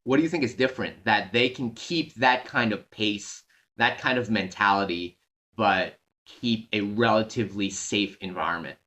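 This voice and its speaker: Bright, low-pitched male podcast host. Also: normal speed. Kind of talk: casual chat.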